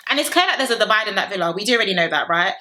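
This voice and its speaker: A young woman talks through a reality show episode in a casual review vlog, sassy and animated. She fires off rhetorical questions in a bright, lively voice at a middling pitch. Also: very fast.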